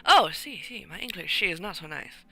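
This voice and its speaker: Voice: mid-range voice, animated, fairly quick, sharp tone, dry recording. A streamer voicing a flirtatious Spanish countess in a put-on Spanish accent, with broken, dramatic English. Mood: coy.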